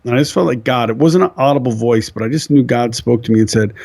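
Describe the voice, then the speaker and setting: An earnest man in a mid-range voice shares a personal faith story with a guest speaker's conviction. He speaks plainly and sincerely, pausing and restarting as the story moves him. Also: medium pitch, creaky, darkish tone. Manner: earnest, acts out quoted voices.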